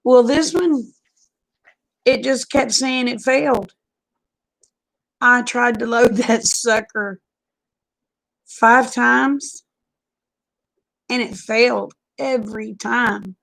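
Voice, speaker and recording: Lady live-chatting with viewers, slow gravelly drawl, a bit high. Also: fairly even intonation, fairly bright tone, rough recording. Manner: chatty and folksy, drawling, greets viewers by name. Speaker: vlogger greeting live chat viewers. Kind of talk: casual live-stream chat.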